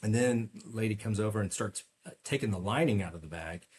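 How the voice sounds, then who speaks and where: Low-voiced man recounting a story. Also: brisk, darkish tone. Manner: earnest, recounting events in detail with frequent fillers. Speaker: podcast guest, medical device sales rep. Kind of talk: storytelling interview.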